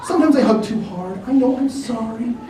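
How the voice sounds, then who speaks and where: A man reading aloud voices a sweet, cuddly seven-year-old girl in a high, cooing tone at a live reading in a library. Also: lively intonation, fairly quick, dark tone. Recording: roomy hall from far off, faint noise.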